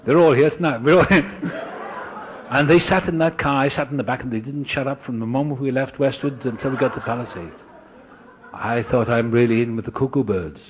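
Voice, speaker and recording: A man speaking at a recovery meeting, telling his story in a lively, dramatic way and acting out the voices of other people. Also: medium pitch, fairly quick, a little hiss or hum. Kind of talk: storytelling talk. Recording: dull lo-fi recording.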